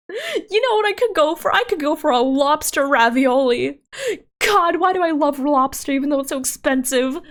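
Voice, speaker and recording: High-voiced giggly woman streamer. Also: expressive, moderate pace. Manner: giggly and rambling, with many restarts. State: tired, voice wearing out. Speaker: VTuber streamer. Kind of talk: casual live-stream chat.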